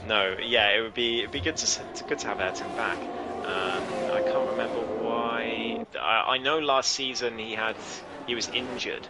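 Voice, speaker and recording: A man commentating a sim race live, easygoing with lots of fillers, climbing in pitch when the action heats up. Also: moderate pace, over loud music. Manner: relaxed, many fillers, rises sharply when action heats up.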